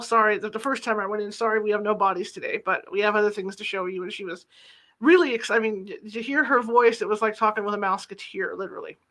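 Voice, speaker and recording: Bright, crisp-toned host telling a chatty reporter's anecdote and voicing the quoted lines. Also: medium pitch. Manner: chatty, retells dialogue in quotes. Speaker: podcast host and former reporter. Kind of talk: casual anecdotal storytelling. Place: lives in the Sacramento area.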